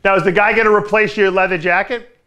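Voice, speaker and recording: A man's voice: sits high, steady tone, quick pace, pushed and bright. A male podcast host chatting casually, asking questions and laughing along. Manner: questioning, amused, often laughing.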